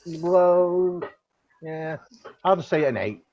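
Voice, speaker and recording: A man talking casually about a game event on a voice chat, relaxed and easygoing. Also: fairly high pitch, takes it slowly. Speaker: guest gamer.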